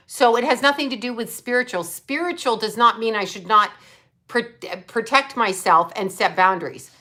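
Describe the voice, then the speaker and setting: A woman's voice: mid-range voice, fairly quick, bright, forceful tone. An older woman hosting a livestream, talking bluntly and profanely as she answers viewers and thanks them for super chats. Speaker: psychic livestream host.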